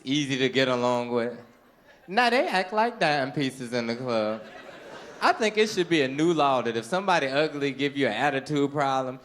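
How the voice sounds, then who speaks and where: A middle-aged man performing a stand-up comedy set on a club stage into a handheld mic, telling stories and acting out voices. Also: a little high. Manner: animated storytelling with acted-out voices.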